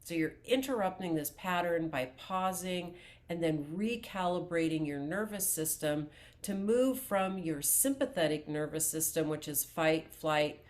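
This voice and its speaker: Slow, calm, low-voiced woman life coach. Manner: calm, slow, deliberate explaining with filler restarts. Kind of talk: self-help video talk to camera.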